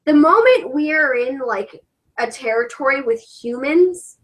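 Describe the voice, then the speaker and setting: A woman's voice: high-pitched, expressive, measured pace, rough recording. A woman with an English accent, chatting casually on a livestream as a cosplayer host, ranting animatedly and swearing freely.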